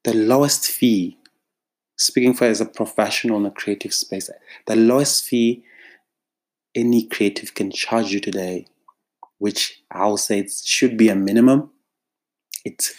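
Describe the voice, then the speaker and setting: A man's voice: lowish voice, a little mellow. A South African man, a freelance creative, speaking in an emphatic, exasperated monologue straight to camera. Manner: emphatic, exasperated, drawn-out phrasing.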